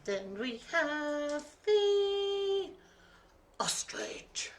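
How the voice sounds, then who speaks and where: Woman calling bingo, high bright voice, slow and playful, faint background hum. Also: expressive. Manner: slow, playful, bantering with a group. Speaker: bingo caller. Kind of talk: live stream bingo calling. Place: care home activity room.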